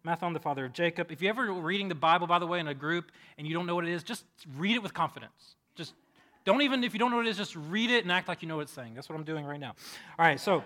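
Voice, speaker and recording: Guy preaching a sermon, chatty storytelling, keeps restarting, bright sound. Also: high voice, very fast. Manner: conversational, animated storytelling with restarts. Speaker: pastor.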